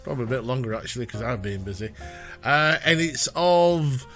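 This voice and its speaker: A man's voice: mid-range voice, expressive, a little fast, a bit bright, faint music behind. A man hosting a casual reaction video, chatty, rambling and playful. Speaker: reaction channel host.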